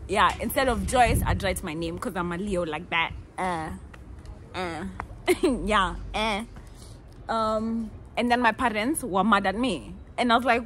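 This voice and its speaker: A Kenyan woman in her twenties, telling stories in a lively, playful way and acting out the people she quotes. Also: mid-range voice, unhurried, slight background noise. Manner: animated, playful, laughs often, acts out quotes. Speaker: vlogger. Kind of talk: casual storytelling.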